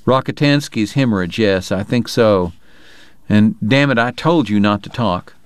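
Bossy old-west doc barking orders, narrator guy doing him, low-ish voice. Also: measured pace, clear, resonant tone, no echo, clean studio sound, close to an everyday voice. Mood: stern. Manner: curt, commanding. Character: gruff stern frontier doctor, man.

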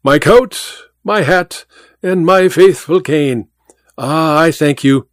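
A man's voice: fairly high pitch, expressive, slow, dry recording, clean studio sound, pitched above the performer's own voice. A man voicing a masked magician who gives an elaborately polite, mocking farewell. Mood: courtly. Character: theatrical masked male magician, courtly.

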